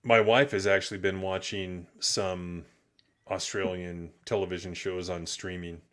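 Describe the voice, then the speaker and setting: A man's voice: deep voice, little pitch movement, unhurried, a bit bright. A man hosting a loose, opinionated live-stream chat, swearing casually. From United States. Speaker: podcast host.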